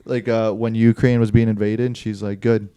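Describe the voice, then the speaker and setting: A man's voice: on the low side, little pitch movement, fairly quick, dark tone, clean tone, no echo. A man co-hosting a podcast, chatting loosely and swearing freely as he retells stories. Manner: loose and profane, acts out quoted people. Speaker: podcast co-host. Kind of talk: casual chat. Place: Wisconsin.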